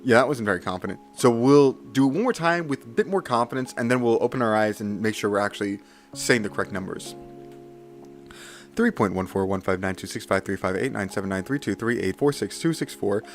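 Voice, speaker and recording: A man's voice: fairly low pitch, brisk, soft background music. A young man live streaming a memory challenge, reciting strings of digits in bursts and correcting himself with flustered apologies.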